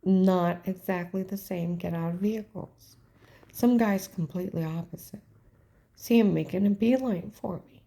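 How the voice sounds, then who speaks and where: In a mellow, mid-range voice, a woman recounts events from her own life, rambling and emphatic, often sinking to a whisper.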